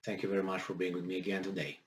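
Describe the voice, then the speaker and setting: A man's voice: low-pitched, monotone, racing, a little hiss or hum. A man talking to his viewers in a casual, indignant political commentary, rambling with many fillers.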